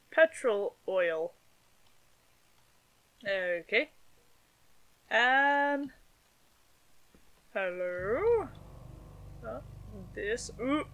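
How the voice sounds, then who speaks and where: Playing through a horror game on stream, a young woman gives casual let's-play commentary, reacting aloud to each action over faint game music. She has a medium-pitched, slightly bright voice.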